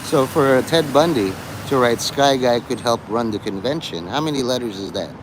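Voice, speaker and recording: A man rambles to his live-stream viewers, tossing out provocative, deadpan dark jokes. He is outdoors near a road. Passing cars can be heard clearly behind his voice. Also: medium pitch, moderate pace. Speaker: livestreamer talking to chat. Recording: street noise in the background.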